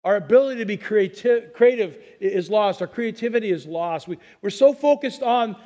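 A middle-aged man preaching a conversational sermon with chatty asides, dropping to a hushed voice on calm phrases. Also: high voice, a little fast. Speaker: pastor.

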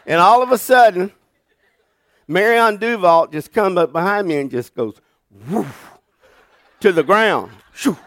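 A pastor in the pulpit, telling stories with a folksy, animated delivery and chuckling along the way. His voice sits a little higher than most men's, and the sound is close and dry with almost no room echo. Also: a little slow, long pauses. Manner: folksy, animated storyteller who laughs through his stories. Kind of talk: sermon with storytelling. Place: church sanctuary.

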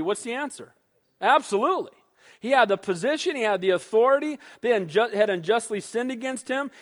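A man preaching a sermon, animated, who acts out quoted voices and calls for amens. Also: sits high. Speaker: pastor. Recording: long hall reverb.

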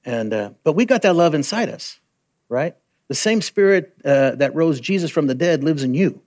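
A man's voice: a little high, animated, moderate pace, darkish tone. A man preaching a sermon in an earnest, conversational way, often stopping to restart a sentence.

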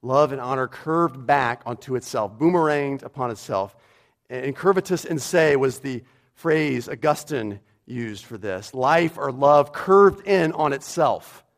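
A man's voice: medium pitch, expressive, measured pace. A pastor preaching a sermon in a church, emphatic and repeating his key phrases for weight.

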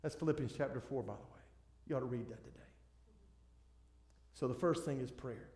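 Earnest pastor in an echoey church. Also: male voice, medium pitch, brisk, a little mellow. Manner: earnest, pleading, with repeated restarts. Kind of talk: sermon. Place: church sanctuary.

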